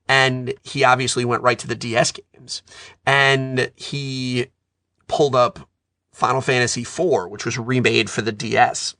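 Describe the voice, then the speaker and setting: A man in his thirties chatting casually about video games, telling animated stories as a self-described nerd. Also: mid-range voice, no echo, clean studio sound. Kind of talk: casual chat.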